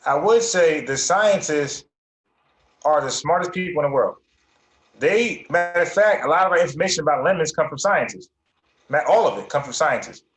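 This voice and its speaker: A man's voice: a little high, fairly bright tone, echoey room, rough recording. A man hosting an online debate show, firm and insistent, repeating himself to make a point. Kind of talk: heated debate.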